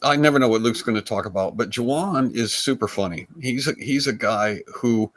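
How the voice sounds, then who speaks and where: A man, a comedian guest, telling stories in a rambling, animated way with frequent restarts. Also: medium pitch, moderate pace, a little hiss or hum. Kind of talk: casual storytelling chat.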